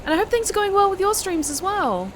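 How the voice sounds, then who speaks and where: A woman's voice: extremely high pitch, big pitch swings, fast, background noise. A woman streamer chatting casually through live gameplay, thanking viewers by name. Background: music.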